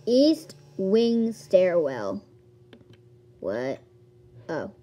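A woman giving casual gameplay commentary as a video host, excitable and quick to gasp at new things. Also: fairly low pitch, a little hiss or hum. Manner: excitable, gasps and squeals at discoveries.

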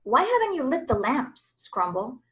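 A woman's voice: mid-range voice, normal speed, fairly bright tone, close to an everyday voice, poor audio. A pompous, scheming lord from a storybook, demanding and suspicious, as a woman reads him aloud. He barks his questions at his servant. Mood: haughty.

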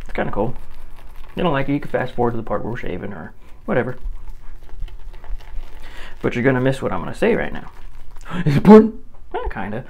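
Laid-back man, mid pitch. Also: very animated, quick pace, creaky, pauses often, husky. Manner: laid-back, chuckling, rambling. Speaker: shaving vlogger. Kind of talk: casual vlog chat while shaving.

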